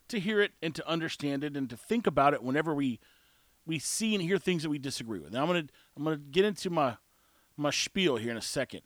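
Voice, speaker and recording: Emphatic man with a high voice. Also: a bit bright, dry recording. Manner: candid, emphatic, conversational. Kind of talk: casual monologue.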